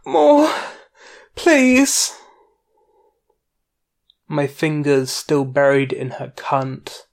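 A narrator reading a first-person erotic story in an unhurried, intimate way. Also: mid-range voice, gravelly.

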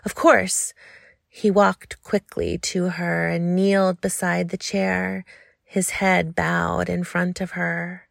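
Slow gravelly woman reading a story. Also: lowish voice, level tone, no echo, clean studio sound. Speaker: narrator.

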